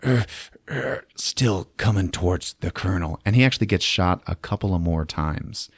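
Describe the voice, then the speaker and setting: A man hosting a podcast who recaps a movie in casual, animated speech, swearing and acting out the scenes. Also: deep voice, normal speed, dry recording. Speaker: podcast host. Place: podcast studio.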